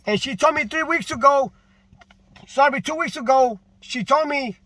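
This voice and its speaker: A man with a very high, bright voice rants slowly about his work in a casual vlog. He is frustrated and repeats his points for emphasis. The recording is dry and close. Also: dry recording. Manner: frustrated, repetitive, emphatic complaining. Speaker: delivery driver.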